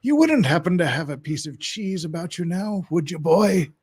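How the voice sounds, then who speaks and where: A man voicing a gruff old male storyteller with a theatrical growl. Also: high-pitched, expressive, moderate pace, a little mellow, pitched above the performer's own voice.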